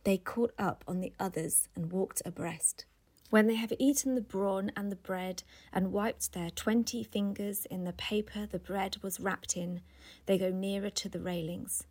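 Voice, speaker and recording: A woman reading a literary novel aloud in a slow, measured way. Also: medium pitch, steady tone, a little mellow, breathy edge. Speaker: audiobook reader. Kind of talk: literary audiobook narration.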